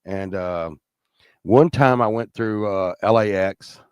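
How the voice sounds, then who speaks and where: A man's voice: fairly low pitch, slow, smooth, dry recording, clean studio sound. A man telling a rambling, profane story in casual chat, full of restarts and acted-out lines from other people.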